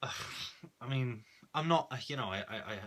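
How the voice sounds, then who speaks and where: A man's voice: medium pitch, lively intonation, measured pace, fairly bright tone. A man co-hosting a casual film review chat, hesitant and stumbling, laughing often. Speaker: podcast co-host.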